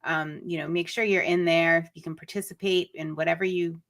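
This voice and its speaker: A woman's voice: lowish voice, steady tone, brisk, fairly bright tone. A woman co-hosting a casual chat, explaining things plainly. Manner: brief reactions, then plain explaining. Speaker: co-host.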